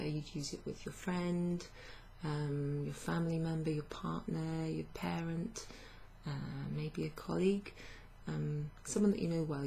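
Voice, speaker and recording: A woman teaches French in a slow, patient way, pausing on fillers and correcting herself as she goes. Her voice is low and warm with a gravelly edge. Faint hiss runs under the recording. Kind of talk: online language lesson.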